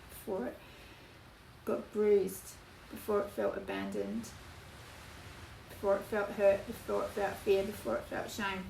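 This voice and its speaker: A woman giving a spoken tarot reading in an earnest, emotional way, with slow emphatic phrasing. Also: mid-range voice, vocal fry. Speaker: tarot reader. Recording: echoey room, voice from off-mic, background noise.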